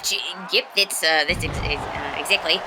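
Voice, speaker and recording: Halting co-commentator with a New Zealand accent. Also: medium pitch, background noise. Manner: halting, playful, stumbles over words. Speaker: color commentator. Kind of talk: comedic wrestling commentary.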